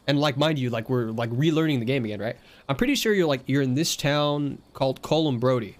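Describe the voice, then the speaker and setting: A man's voice: mid-range voice, brisk. Rambling young man telling a game story. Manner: rambling, filler-heavy, animated quoting of others. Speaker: storyteller recounting a game session. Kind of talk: casual storytelling.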